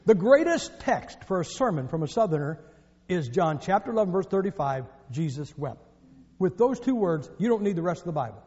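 A northern U.S. man preaches with a high, dark-toned voice that swings widely in pitch, talking a little fast. He tells jokes and stories emphatically, and the recording is a dull, lo-fi capture in an echoey hall.

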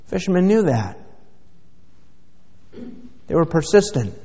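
Preaching in a church sanctuary, this man speaks at a measured pace with an expressive, somewhat high, slightly mellow voice. He stays emphatic, using rhetorical questions to land his points. The sound is dull and lo-fi with long reverb.

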